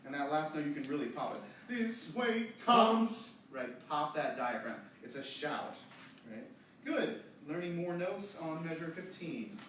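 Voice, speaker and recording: A man directing a choir rehearsal, coaching the singers briskly and demonstrating phrases with his voice. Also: fairly high pitch, animated, fairly bright tone, slight background noise. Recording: echoey room, distant mic, choir and piano.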